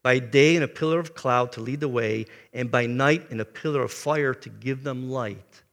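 Gravelly older male pastor preaching. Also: medium pitch, moderate pace, a bit bright, long reverb tail. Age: 70s. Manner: earnest storytelling, frequent throat clearing. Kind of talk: sermon.

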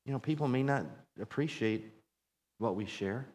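A man's voice: mid-range voice, normal speed, a little mellow, in a large hall. A man preaching a sermon as pastor, earnest and repeating phrases for emphasis as his intensity builds.

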